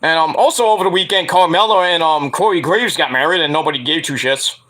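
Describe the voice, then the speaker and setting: A man's voice: on the high side, fast, pushed and bright. A man hosting a casual wrestling news show, rambling and profane, laughing at his own jokes. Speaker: podcast host.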